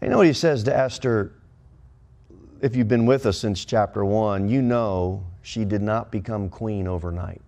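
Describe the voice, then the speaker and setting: A man preaching a sermon as pastor, with emphatic swings in pitch and pace. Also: moderate pace, dark tone.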